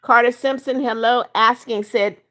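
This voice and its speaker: A woman's voice: on the high side, fairly even intonation, normal speed, sharp tone. A woman of seventy-one hosting a livestream, reading out viewers' chat comments and answering each by name in a chatty way. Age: 70s. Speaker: livestream host.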